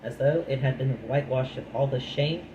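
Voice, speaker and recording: A man's voice: mid-range voice, moderate pace, muffled recording. A man reading a nonfiction book aloud, breaking off into chatty, dry asides of his own. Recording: echoey room with noise.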